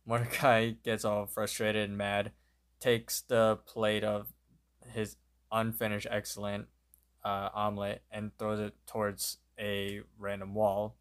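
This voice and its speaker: A man co-hosting a podcast, retelling a cartoon episode scene by scene in a plain, steady way. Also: fairly low pitch, takes it slowly. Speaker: podcast co-host. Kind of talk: episode recap narration.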